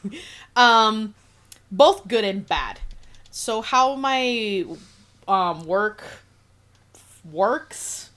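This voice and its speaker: A woman's voice: on the high side, very slow, pauses often. A young woman telling a work story in casual podcast chat, swearing often and laughing as she goes. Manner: profane, laughing, animated retelling. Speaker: podcast co-host.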